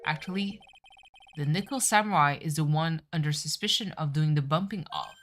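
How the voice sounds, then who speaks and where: A woman's voice: low voice, normal speed, soft background music, close to an everyday voice. A woman voicing a bumbling, friendly male police detective from a courtroom game. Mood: chatty.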